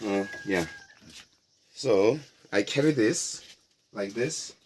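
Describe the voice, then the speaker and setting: A middle-aged man from Nagaland, guiding a casual tour of a heritage house in a relaxed, explanatory way with playful asides. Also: lowish voice, slow, a little hiss or hum. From Nagaland, India. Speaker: tour guide.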